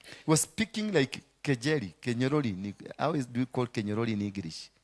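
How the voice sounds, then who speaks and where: A Kenyan man preaching a sermon, dramatic, swinging between hushed asides and shouts, dropping into Swahili phrases. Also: mid-range voice, lively intonation, a little fast. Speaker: apostle preaching.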